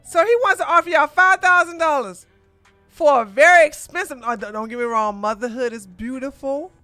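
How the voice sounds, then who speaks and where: Sarcastic high-voiced woman streamer. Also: normal speed, no room sound, soft background music. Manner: animated, sarcastic, laughs and exclaims, talks to chat. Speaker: podcast host. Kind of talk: live-stream political commentary.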